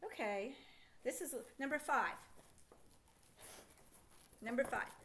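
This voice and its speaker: Bright, lively woman teaching phonics. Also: high voice, a little hiss or hum. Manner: encouraging, slow sounding-out with questions to a child. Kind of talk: children's phonics lesson.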